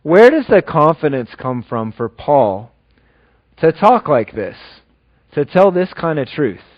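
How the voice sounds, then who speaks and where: A man preaching a sermon in an earnest, conversational way, dropping low and slow when he reads scripture. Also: big pitch swings, dry recording, muffled recording. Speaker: pastor.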